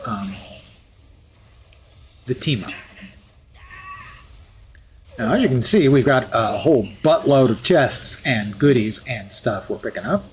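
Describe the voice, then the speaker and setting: A man's voice: medium pitch, breathy edge. Man giving wry gameplay commentary. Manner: chatty, wry asides and jokes. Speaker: streamer.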